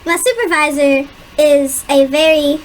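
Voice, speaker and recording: A woman's voice: high voice, fairly even intonation, measured pace, a little hiss or hum. A young woman telling a rambling, self-mocking story in casual chat while drawing, often breaking into giggles.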